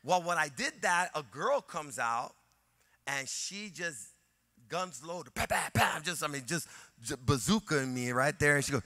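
A male pastor preaching a sermon in an animated way, telling a personal story and acting out the dialogue. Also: fairly high pitch, normal speed, dry recording.

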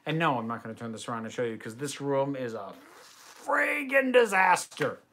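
A man's voice: medium pitch, big pitch swings, normal speed, bright, forceful tone, slight background noise. A young American man hosting a livestream Q&A from his bedroom, reading chat questions aloud and answering them in long tangents. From United States. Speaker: host.

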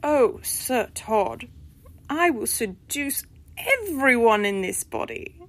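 A woman's voice: medium pitch, normal speed, lightly acted. A woman voicing the prim, haughty spirit of an old-fashioned lady from a bog body, speaking with formal, peevish diction in a storybook reading. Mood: imperious.

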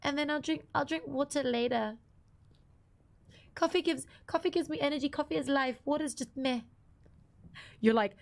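A woman's voice: sits high, slow pace, pauses often. A young woman streaming a game live, chatting casually with viewers and greeting them by name while her voice is partly lost and slightly strained.

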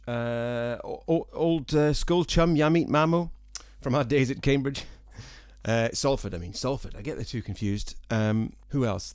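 A man with a softened Scottish accent chats to his viewers in a rambling, dry and self-mocking way, tossing jokey asides between thoughts. His voice sits at a middle pitch for a man. He is recorded in a small room at home, close and dry, with no echo. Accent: Scottish, softened by years in England. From Scotland. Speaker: singer-songwriter. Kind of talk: rambling casual vlog chat to viewers.

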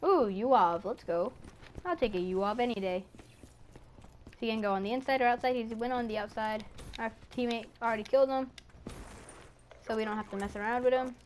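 A gaming YouTuber giving live commentary over a match, chatty and excitable, talking to enemies on screen and screaming when startled. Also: medium pitch, a little fast, pauses often, a little hiss or hum.

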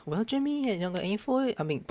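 A man playing a horror game and commenting, excitable, swearing and yelling at the screen. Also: high-pitched, fast talker, dry recording. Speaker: gamer. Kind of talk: let's play commentary. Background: game music.

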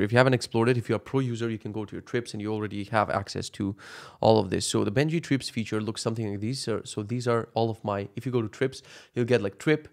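Young male podcast host, sweary sarcastic rant, average pitch. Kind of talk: casual solo podcast rant.

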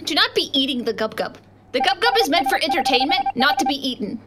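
High-pitched animated woman streamer. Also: fast talker. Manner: animated, loud outbursts, slangy. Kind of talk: casual livestream gaming chat. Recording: noticeable background noise.

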